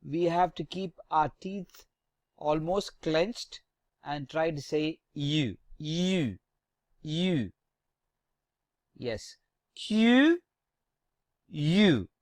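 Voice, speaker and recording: A very slow, deliberate teacher taking learners through the French alphabet letter by letter, stopping to correct and explain each sound. The voice moves up and down a lot as letters are drawn out. It is recorded close and dry, with no room sound. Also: medium pitch, expressive, no echo. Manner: deliberate, spells out letters one by one with corrective tips. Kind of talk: slow alphabet pronunciation lesson.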